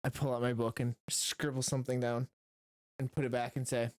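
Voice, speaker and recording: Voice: medium pitch, level tone, brisk, no echo. A player in a tabletop game, playful and talkative. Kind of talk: tabletop role-play.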